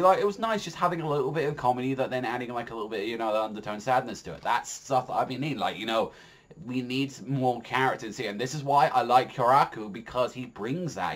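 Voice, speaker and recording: A man giving a casual spoken manga chapter review. He rambles with lots of fillers, swears freely and gets excitable. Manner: excitable, jumps in pitch when enthused.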